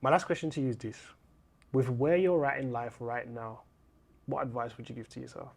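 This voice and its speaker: A male host with a medium-pitched voice closes an interview with thoughtful praise. His phrasing is measured and encouraging, and he frames each question carefully. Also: steady tone, vocal fry, husky. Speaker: podcast host.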